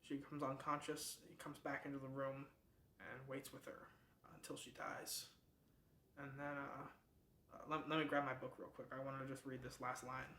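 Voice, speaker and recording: A man's voice: mid-range voice, level tone, normal speed, pushed and bright, slight background noise. Chatty man in an echoey room. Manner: chatty, lots of fillers and restarts. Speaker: book club host. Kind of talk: casual book summary retelling.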